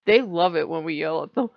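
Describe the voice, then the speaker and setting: A woman talking to camera at home as a Wiccan vlogger, telling a story in a casual, animated way and laughing often. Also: on the low side, vocal fry, no room sound. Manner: animated, laughs often, voices her own quoted outbursts. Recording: dull, dry lo-fi sound.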